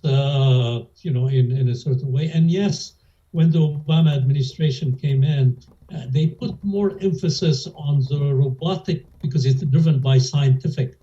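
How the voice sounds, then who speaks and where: A man's voice: mid-range voice, dark tone. An older man, answering oral history interview questions hesitantly, with many fillers and restarts. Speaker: interviewee, former lab director. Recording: dull lo-fi audio.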